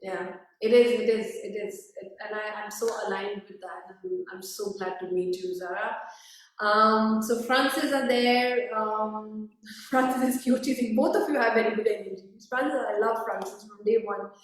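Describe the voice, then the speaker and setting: A woman's voice: medium pitch, normal speed. A woman hosting a live video interview, effusive and emotional, often repeating herself. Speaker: host. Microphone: video call. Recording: echoey room, far from the mic.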